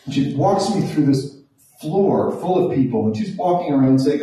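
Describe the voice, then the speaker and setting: A man's voice: medium pitch, animated, fairly quick, mellow. A man in his forties telling a wry, self-deprecating stand-up story in a conversational way on a small stage. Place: small theatre room. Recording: very echoey room, from a distance.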